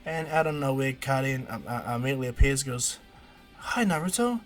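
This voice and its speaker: A man retelling a fan fiction story on his stream, animated and rambling, full of restarts. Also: mid-range voice, fast talker, faint music behind.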